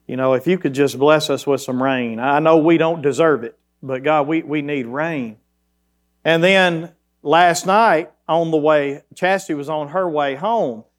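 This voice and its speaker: A man's voice: a little high, unhurried. A man, a pastor telling a folksy story in his sermon that builds into fervent preaching.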